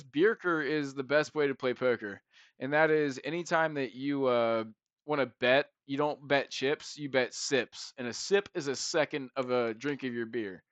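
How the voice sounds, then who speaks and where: A man's voice: mid-range voice, a bit bright, clear, resonant tone, no room sound, muffled recording. A man co-hosting a podcast, telling rambling stories in a casual chat, laughing and swearing freely. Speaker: podcast co-host.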